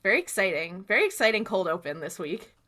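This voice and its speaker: A woman's voice: mid-range voice, fast talker. A woman co-hosting a podcast, casually recapping a TV episode and acting out the characters' lines as she goes. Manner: lively scene retelling with acted-out quotes. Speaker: podcast co-host.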